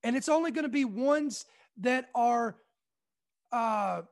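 Kentucky-raised male commentator, young, emphatic, reads news and stresses key lines slowly. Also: extremely high pitch. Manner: emphatic, repeats points slowly for effect. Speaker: online commentary host.

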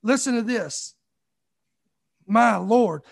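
A man's voice: high-pitched, expressive, takes it slowly, gravelly. A man preaching a sermon with fervor, building up repeated phrases and calling out "come on" to the congregation. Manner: fervent, repetitive preaching with calls of "come on".

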